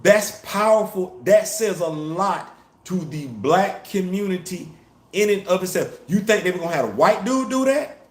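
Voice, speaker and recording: A man hosting a casual commentary show, talking in an animated, emphatic way with features. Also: high-pitched, moderate pace. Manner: animated, emphatic, rising to loud peaks. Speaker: host. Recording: roomy echo.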